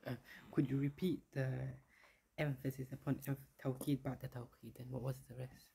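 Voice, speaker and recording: A man's voice: mid-range voice, level tone, moderate pace, creaky, warm tone, a little hiss or hum. A man in a class asking the teacher to repeat a point, heard from a distance. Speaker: student asking questions. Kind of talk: questions in class.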